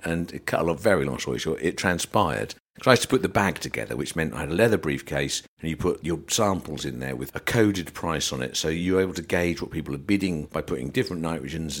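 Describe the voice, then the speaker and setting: Casting: middle-aged English man, low voice, animated podcast storyteller. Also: husky. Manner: animated anecdotes, acts out voices. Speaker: podcast guest. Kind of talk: casual storytelling chat.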